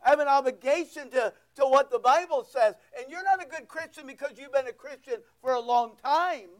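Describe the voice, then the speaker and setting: A man's voice: extremely high pitch, fairly quick. A man preaching a sermon, talking to his congregation in an emphatic, conversational way full of rhetorical questions. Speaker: pastor.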